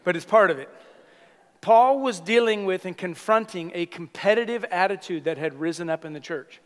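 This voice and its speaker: High-voiced animated male pastor preaching. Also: moderate pace, in a large hall. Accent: Californian. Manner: animated, conversational preaching with playful asides. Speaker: senior pastor. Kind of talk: sermon. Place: church sanctuary.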